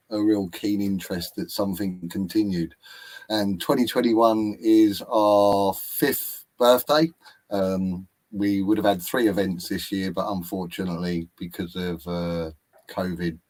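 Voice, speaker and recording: A British man from England, a guest on a remote call, telling the story of his events in a friendly, relaxed way. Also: low-pitched, poor audio. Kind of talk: interview answers.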